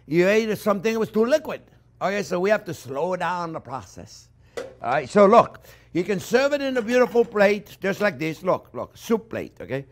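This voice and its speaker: A chatty man leads a cooking lesson, his voice sitting a little high for a man. He explains each step with lively energy, often checking in with his viewers. He sounds middle-aged and at ease. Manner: animated, chatty, keeps asking "okay?". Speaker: chef and cooking show host. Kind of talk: cooking demonstration.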